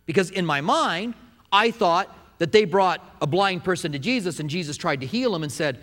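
Male pastor, sermon, earnest conversational delivery, slightly high voice, echoing church hall. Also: animated, moderate pace, fairly bright tone. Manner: earnest, conversational preaching with restarts. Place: church sanctuary.

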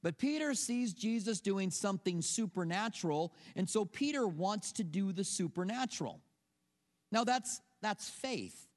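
In a church sanctuary, a middle-aged male pastor preaches, telling stories conversationally and posing rhetorical questions. His voice is high with lively intonation, his pace measured, and the sound has a big-room quality.

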